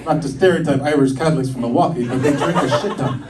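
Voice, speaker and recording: Self-mocking middle-aged stand-up comic. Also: male voice, medium pitch, normal speed, a loud crowd, very noisy. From United States. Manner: self-mocking, storytelling, acts out voices. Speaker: stand-up comedian. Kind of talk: live stand-up comedy. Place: stage at a campus comedy show. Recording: distant live stage recording with audience laughter. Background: audience laughing.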